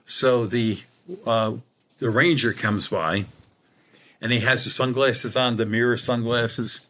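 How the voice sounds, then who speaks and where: A middle-aged man, a medium and paranormal investigator, is a guest on a podcast and tells a long story, acting out the dialogue as he goes. His mid-range voice stays steady and moves slowly, with a pushed, bright quality.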